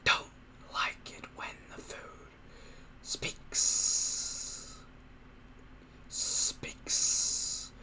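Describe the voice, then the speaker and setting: A man voicing a dim-witted tentacled underground monster in a slow, hissing whisper. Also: pushed and bright, full character voice. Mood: whining.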